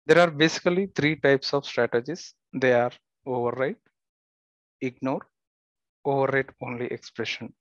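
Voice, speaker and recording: A man teaching a software tutorial, giving steady step-by-step instructions with the odd filler and restart. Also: mid-range voice, moderate pace, long pauses, dry recording, dull audio. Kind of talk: screen-recorded software tutorial.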